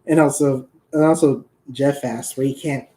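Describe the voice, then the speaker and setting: A man chatting casually to viewers about characters he created, rambling and laughing, and pausing to talk to his cat. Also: mid-range voice, fairly even intonation, warm tone.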